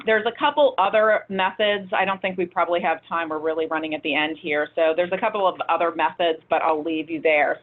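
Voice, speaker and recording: A woman presenting a webinar, explaining the steps in a practical, conversational way, with frequent fillers and restarts. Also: lowish voice. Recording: tinny phone-like audio.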